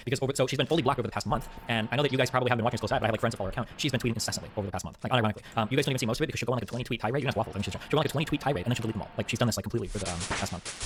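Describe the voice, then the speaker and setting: A man's voice: medium pitch, very fast, hardly any pauses, slight background noise. A man streaming live, talking in a rambling, profane way and often tagging "okay?" onto his sentences. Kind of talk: casual live-stream monologue.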